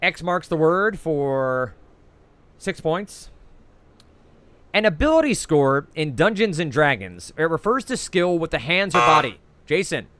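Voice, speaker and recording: A man with a New Jersey accent hosting a trivia quiz over a video call, reading each clue twice and scoring answers in a brisk, chatty way with frequent "uh"s. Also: on the high side, very animated, fairly bright tone, slight background noise.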